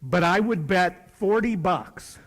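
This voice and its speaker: A middle-aged man, a teacher, giving a folksy, animated motivational talk to students, acting out bits of dialogue. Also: sits high, slow pace. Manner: folksy, animated, acts out dialogue with shifting voices. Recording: reverberant hall.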